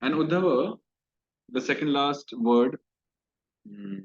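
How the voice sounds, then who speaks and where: A man's voice: a little high, lively intonation, slow pace, vocal fry. A man teaching Sanskrit grammar in a recorded class, explaining step by step and repeating key terms. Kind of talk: recorded online class lecture. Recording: dull lo-fi recording.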